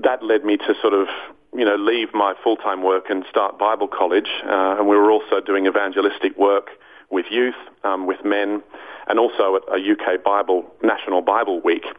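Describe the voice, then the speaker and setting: A man telling his story in a hesitant, restarting way as a radio interview guest. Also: on the low side. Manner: hesitant, many restarts, then playful impressions. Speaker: guest voice actor and evangelist. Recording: phone-like narrow line.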